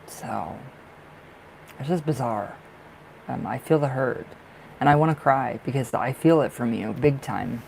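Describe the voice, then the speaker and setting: Gravelly, rambling male tarot reader. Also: mid-range voice, measured pace, pauses often, slight background noise, rough recording. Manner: rambling, emphatic, heavy on fillers; blunt, swears freely. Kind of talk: live-streamed tarot reading.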